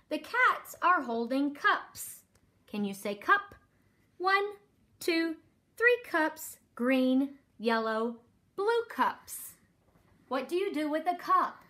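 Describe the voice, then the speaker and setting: A woman therapist reading a picture book aloud at home, slowly naming animals and colors and prompting a young child to repeat words. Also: sits high, very animated, sharp tone. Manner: slow, exaggerated, prompting questions. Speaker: developmental therapist.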